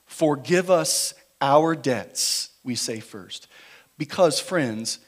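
A man preaching a sermon in a church, moving between quiet, slow emphasis and louder, driven passages. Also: mid-range voice, animated. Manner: dynamic preaching, shifting between quiet emphasis and raised intensity. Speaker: pastor. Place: church sanctuary.

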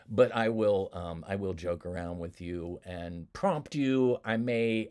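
A man giving a recorded lecture as a college instructor, easygoing and joking, with frequent laughs and asides and big swings in pitch and loudness.

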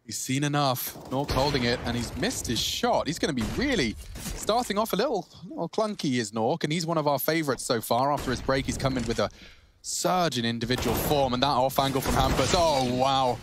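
A man commentating live esports play-by-play, chatty and excitable, lifting his voice on big plays. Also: medium pitch, a little fast. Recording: clear background clicking noise.

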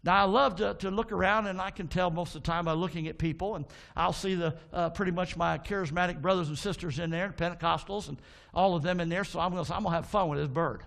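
A man preaching a fervent sermon from a church pulpit, his voice pitched high and roughened with a gravelly edge. He calls out questions to the congregation and drifts into easygoing, folksy storytelling between points. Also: steady tone, fast talker, a bit bright. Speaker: pastor. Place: church sanctuary.

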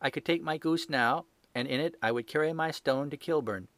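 A man voicing a terrified young male hotel thief who pleads desperately with a shrill, high voice. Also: a little fast, fairly bright tone, no echo. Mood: anxious confessing.

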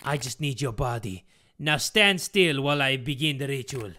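A man voicing a scheming old father and cult villain, gloating slowly in a strange put-on accent. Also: medium pitch, animated, sharp tone, voice pushed down. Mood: menacing.

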